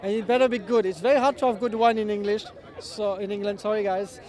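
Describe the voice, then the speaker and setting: A man at an outdoor red carpet premiere, joking and animated, speaking English as a second language. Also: high voice, fast talker, a faint crowd. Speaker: cast member. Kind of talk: casual red carpet chat.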